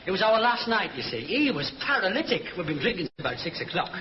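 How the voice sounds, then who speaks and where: An actor playing a cheeky young Northern English lad with a Northern English accent, telling a mocking story in a vintage broadcast sitcom. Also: male voice, high voice, very animated, quick pace, crowd noise. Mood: teasing. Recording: noisy dull archive audio.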